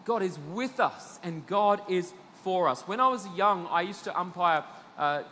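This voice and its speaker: A middle-aged Australian man preaches with a bright, high voice that rings out. He builds emphatically to loud peaks, then sinks low and slow. His sermon echoes through a hall over a faint hum of ambience. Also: expressive. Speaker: pastor.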